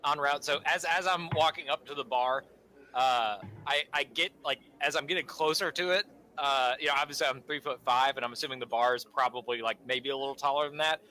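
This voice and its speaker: A man's voice: mid-range voice, fairly even intonation, brisk, pushed and bright, low-quality recording. A man playing a tabletop game, describing his character's actions in a hesitant, joking way. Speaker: player. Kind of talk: casual game chat.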